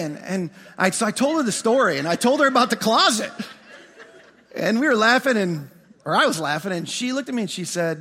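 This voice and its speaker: A middle-aged male pastor preaching in a large church auditorium, his voice sitting unusually high for a man and ringing bright and forceful. He tells the story in an animated, self-mocking way, acting out both sides of the conversation, and a long hall reverb trails behind every phrase. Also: fairly quick. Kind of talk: storytelling sermon.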